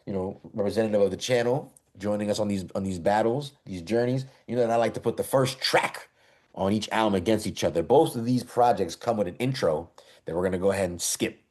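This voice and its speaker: A man's voice: lowish voice, fast talker, darkish tone. A man hosting a hip hop album battle show, chatty and loose, laughing often as he talks to the chat. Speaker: host.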